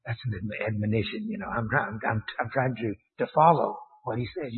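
Male preacher, mid pitch, halting with restarts, questions the congregation; lo-fi phone-like church recording with long reverb. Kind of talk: sermon. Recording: tinny, echoey church recording.

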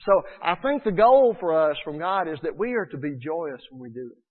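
A man's voice: fairly high pitch, normal speed. Earnest preaching man, tinny sound. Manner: earnest, animated, acts out quotes. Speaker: pastor. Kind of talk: sermon.

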